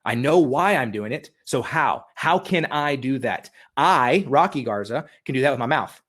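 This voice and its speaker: Energetic man coaching in a webinar. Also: mid-range voice, normal speed. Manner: energetic, repetitive, coaching questions. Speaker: webinar speaker. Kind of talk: motivational webinar talk. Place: home room with a dog.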